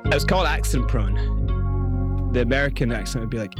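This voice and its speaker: A Scottish man with a Dundee accent tells an animated story as an interview guest. He slips into other people's voices to quote them. Music plays clearly beneath him, and his voice sits at a middle pitch. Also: fairly quick. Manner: animated anecdote, quoting others.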